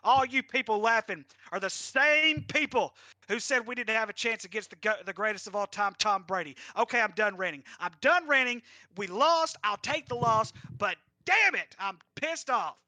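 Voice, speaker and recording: A man's voice: sits high, lively intonation, normal speed, pushed and bright, dry recording. A man co-hosting a football podcast, delivering a fiery, emphatic rant. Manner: ranting, emphatic, bursts of laughter. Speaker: podcast co-host.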